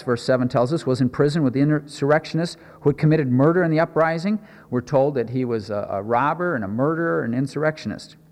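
A man's voice: a little high, in a large hall. A man preaching in a conversational, explanatory way, asking the audience questions as he teaches a Bible passage.

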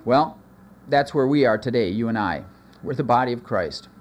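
A man delivers an earnest sermon in a mid-range voice, pushing higher for emphasis and sinking low for quieter asides. A faint background hiss sits under the recording. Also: expressive, moderate pace. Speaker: pastor.

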